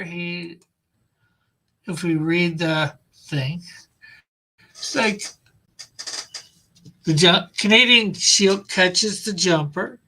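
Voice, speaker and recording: Man chatting while drawing a comic, high bright voice, slow and rambling. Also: low-quality recording. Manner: rambling, laughs often. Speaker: comic artist. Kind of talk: casual chat while drawing.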